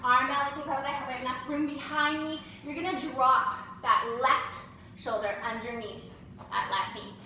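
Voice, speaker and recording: A woman yoga teacher with a high, bright, pushed voice guides a class through poses and breaths at normal speed, cueing encouragingly. She's recorded indoors from a distance in a very echoey room, with slight background noise.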